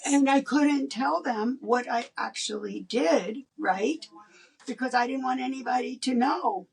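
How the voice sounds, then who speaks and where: An older woman, a guest in an interview, telling a personal story in an animated way and laughing between lines. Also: high voice, a little slow, gravelly, breathy edge, recorded from a distance.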